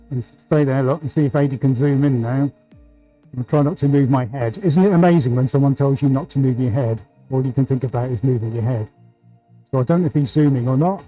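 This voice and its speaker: A man's voice: medium pitch, warm tone, low-quality recording. A British man hosting a painting livestream, talking to viewers in an upbeat, enthusiastic way and full of superlatives. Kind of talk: livestream commentary.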